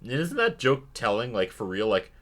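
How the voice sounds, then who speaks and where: A man co-hosting a podcast, chatting casually about a sitcom episode, animated and quick to laugh. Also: fairly low pitch. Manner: animated, laughs often, jumps into exaggerated voices when quoting. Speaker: podcast co-host.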